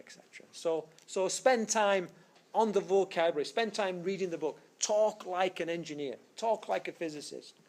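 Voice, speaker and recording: A casual physics lecture, recorded for a screencast, features a man with a slightly high voice explaining step by step. His delivery rambles, he breaks off to restart sentences, and fillers pad the gaps.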